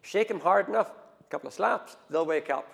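A man preaching a sermon, telling the story with animated swings between hushed and loud delivery. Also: high voice, brisk, creaky. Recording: long hall reverb.

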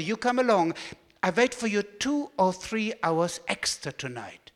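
German guy giving a talk, tells stories all animated, pretty high voice, hall echo. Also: normal speed. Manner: animated storyteller. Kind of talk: storytelling talk with slides.

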